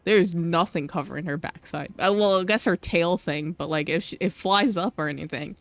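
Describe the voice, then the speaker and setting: A woman's voice: fairly low pitch, moderate pace, no room sound. A woman streamer giving casual, giggly commentary while playing a game and teasing the characters. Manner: giggly, teasing, chatty asides.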